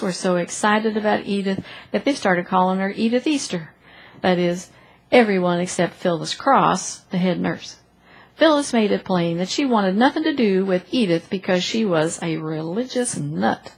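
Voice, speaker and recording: A woman reads a story aloud in church. She is expressive and gives the characters' lines their own small voices. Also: mid-range voice, poor audio. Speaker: reader of a story in a church service.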